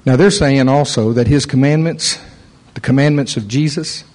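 A man's voice: medium pitch, normal speed, low-quality recording. A man preaching a sermon, telling a story and acting out the voices in it. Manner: animated storyteller, acts out voices.

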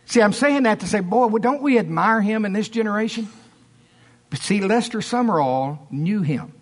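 A man's voice: sits high, lively intonation, normal speed. A man preaching a sermon, telling stories with animation and acting out the people he quotes.

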